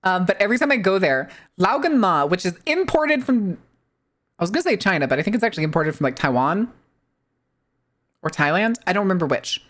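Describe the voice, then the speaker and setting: A woman's voice: medium pitch, sing-song, a little fast. A woman VTuber streamer in casual, rambling live-stream chat, swearing freely and using plenty of filler words.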